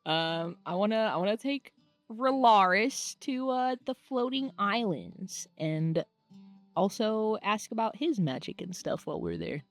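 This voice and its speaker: A woman's voice: medium pitch, animated, a little slow, no echo, faint music behind. A woman with a Midwestern US accent playing a tabletop game, hesitant and giggly. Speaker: player. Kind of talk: casual play at a tabletop game.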